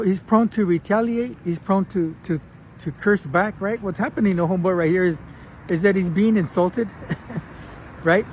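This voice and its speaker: A man with a high voice preaching a casual sermon in an easy, conversational way. He restarts his phrases, clears his throat often and keeps tossing in a quick "right?" A faint hum of noise sits behind him. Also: a little mellow. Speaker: pastor.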